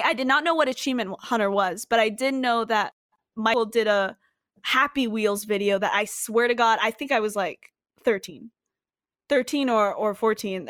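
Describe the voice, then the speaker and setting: Young woman, high voice, playful, podcast chat, dry sound. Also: a bit bright, dry recording. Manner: playful, quick to laugh. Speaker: podcast regular.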